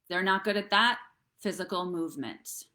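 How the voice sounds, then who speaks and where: Female host with a low voice, earnest and encouraging, speaks to camera for a live online show. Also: moderate pace, bright, forceful tone. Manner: earnest, encouraging, addresses viewers directly. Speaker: host and therapist.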